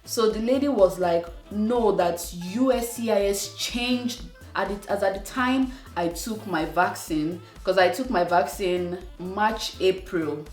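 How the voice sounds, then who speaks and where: A woman's voice: mid-range voice, a little slow, roomy sound, recorded from a distance, soft background music. Exasperated Nigerian woman vlogging. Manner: animated, exasperated retelling with acted-out quotes. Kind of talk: casual storytelling to camera.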